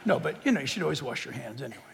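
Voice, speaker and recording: A man preaching as a pastor, firing sarcastic rhetorical questions and building to forceful emphasis. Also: mid-range voice, big pitch swings, rapid-fire, creaky, long reverb tail, slight background noise. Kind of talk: sermon.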